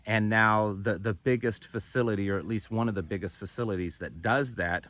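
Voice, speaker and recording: Man, bright forceful voice, lowish pitch, casual news commentary, skeptical, dry close sound. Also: a little fast. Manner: conversational, repeats words and restarts, skeptical asides. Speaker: homesteading channel host.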